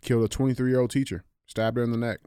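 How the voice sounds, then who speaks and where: A man's voice: medium pitch, level tone, fast talker, mellow, clean tone, dry recording, studio quality. Hesitant man co-hosting a podcast. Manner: hesitant, heavy on fillers and restarts. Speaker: podcast co-host. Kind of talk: casual chat.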